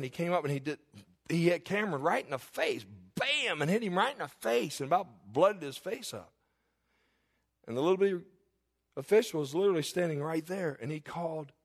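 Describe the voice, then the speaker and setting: A middle-aged male pastor preaching a sermon, conversational and candid, with rhetorical questions. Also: fairly high pitch. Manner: confessional, candid storytelling.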